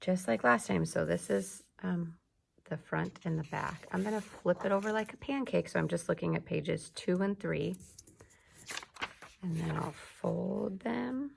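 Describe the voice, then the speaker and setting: A woman teacher leading an early reading lesson for young children, speaking slowly and clearly and drawing out her words. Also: on the low side, darkish tone, slight background noise. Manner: slow, clear teacher talk with drawn-out words.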